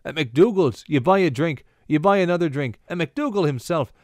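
A man voicing a proud Irishman in a bar joke, boasting about a bar back home in a lively way. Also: fairly high pitch, normal speed, dry recording, studio quality, lightly acted.

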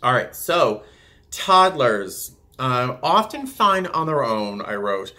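A man who works as a flight attendant, chatting casually and acting out passengers with sudden jumps in pitch. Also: very animated, takes it slowly, sharp tone. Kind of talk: casual talk to camera.

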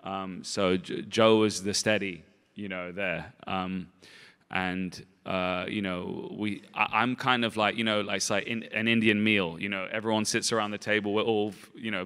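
Low flat guy rambling through interview answers, bright clear voice, long hall reverb. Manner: halting, repeats words, constant "you know" fillers. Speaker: film director and actor, interview guest. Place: festival stage in a large hall.

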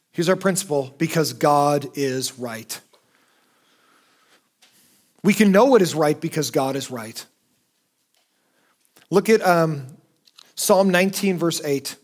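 A male pastor preaching a sermon in a conversational, emphatic way. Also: sits high.

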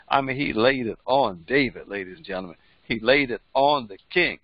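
In a muffled recording without echo, a pastor who teaches the Bible reads scripture aloud and explains it in everyday language. He repeats words often, speaking in a mid-range voice at a moderate pace.

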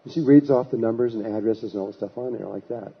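A man, a spiritual teacher, telling a story in a halting way with frequent restarts in a husky voice. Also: mid-range voice, highs cut off. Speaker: spiritual teacher giving a talk. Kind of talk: anecdotal storytelling talk.

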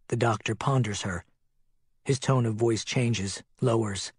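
A man narrating an audiobook in a steady, measured way, close to the mic. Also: on the low side, husky, dry recording.

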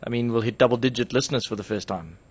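Male producer, husky and fast, dry room. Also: medium pitch, dry recording.

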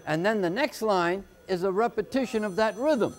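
A man tutoring on a live call-in homework show, explaining poetry slowly and patiently, step by step. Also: sits high, soft background music. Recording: telephone-era broadcast.

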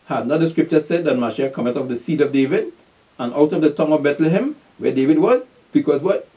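A man's voice: fairly high pitch, animated, fast, dark tone. A male preacher teaching a sermon, reading scripture and asking and answering his own questions in street slang. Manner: repeats "pay attention", asks and answers his own questions; reads scripture aloud, then explains it in street slang. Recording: voice from far off the mic.

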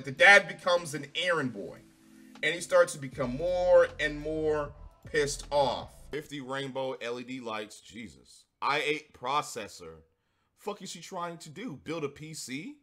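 A man's voice: a little high, pushed and bright. A man giving a casual reaction review of a show, profane, sarcastic and exasperated. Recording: faint music behind.

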